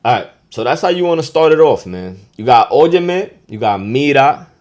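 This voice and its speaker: A man with a New York accent hosting a podcast, teaching slang in a loose, profane, animated way and getting loud when he acts out phrases. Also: mid-range voice, moderate pace. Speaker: podcast host. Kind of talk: casual podcast lesson.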